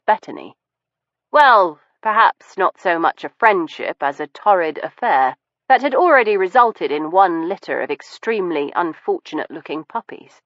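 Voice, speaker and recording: A woman's voice: lowish voice, a bit bright, dry recording. A woman narrating a period mystery audiobook in the first person, arch and precise in manner. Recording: dull, muffled studio recording.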